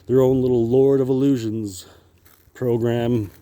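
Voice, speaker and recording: A man's voice: medium pitch, steady tone, measured pace, dark tone, dry recording. A man talking in a rambling, profane monologue while walking outdoors on a wooded path, filming himself with a handheld camera. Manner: rambling, profane, laughs often. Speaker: vlogger.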